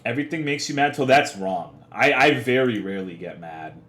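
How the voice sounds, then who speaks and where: A man's voice: mid-range voice, animated, normal speed, a bit bright. A young man livestreaming, chatting casually with his chat in profane, rambling, half-joking rants. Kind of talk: casual live-stream chat. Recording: echoey room.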